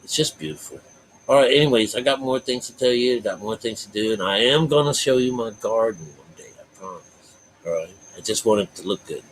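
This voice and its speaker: A man's voice: lowish voice, brisk, slight background noise, poor audio. A man giving a rambling, folksy spiritual talk to his viewers, full of fillers and asides. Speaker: spiritual vlogger.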